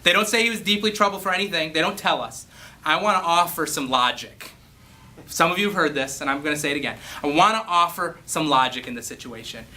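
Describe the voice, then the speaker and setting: A man's voice: fairly high pitch, fast, pushed and bright. A man preaching a casual sermon, reading scripture and joking before building to passionate emphasis. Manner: jokey asides, rising to passionate emphasis. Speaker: pastor.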